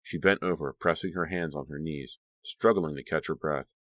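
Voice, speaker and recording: A man narrating an audiobook with a dramatic, expressive reading. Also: rumbling low, normal speed, no echo, studio quality.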